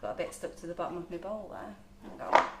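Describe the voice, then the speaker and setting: A woman's voice: on the low side, fast, heavy background noise. A woman demonstrating cake decorating in a live kitchen session, chatting as she measures and mixes colours. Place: large echoey kitchen. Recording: echoey kitchen.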